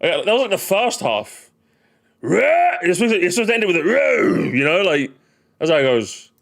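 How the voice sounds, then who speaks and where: A man's voice: high voice, very animated, a little fast, vocal fry, a bit bright. A man hosting a casual gaming livestream, rambling jokily, repeating phrases and calling his viewers gamers. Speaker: livestream host.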